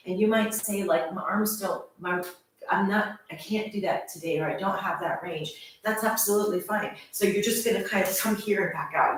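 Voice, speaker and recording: Speaking from a room at home filled with workout gear, a fitness instructor in her forties cheerfully chats with viewers as if they were her friends, introducing her channel casually. Her voice is on the low side and off-mic, in a very echoey space.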